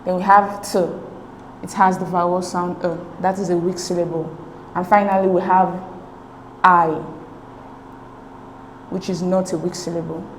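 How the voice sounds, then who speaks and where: A woman's voice: on the low side, darkish tone. A woman teacher explaining exam answers step by step, patient and methodical, often checking in with "okay?". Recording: echoey room with faint noise.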